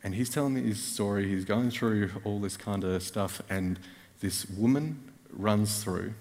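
Aussie guy preaching, lowish voice, tells a story with self-mocking jokes, big echoey church sound. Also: unhurried. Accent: Australian. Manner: animated storytelling with wry self-mocking asides. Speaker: guest preacher. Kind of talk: storytelling sermon. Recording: reverberant church hall.

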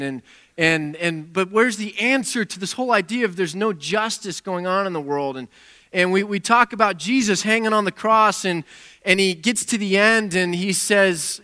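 A man's voice: sits high, bright, forceful tone. A man giving a conversational sermon, full of restarts, fillers and plain everyday wording. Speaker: pastor.

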